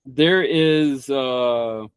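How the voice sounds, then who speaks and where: A man's voice: mid-range voice, drawn-out words, clean tone, no room sound. Young man from Kentucky, rambling. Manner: rambling, frequent restarts and stammered repeats; blunt, swears freely. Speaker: podcast guest. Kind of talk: casual conversation.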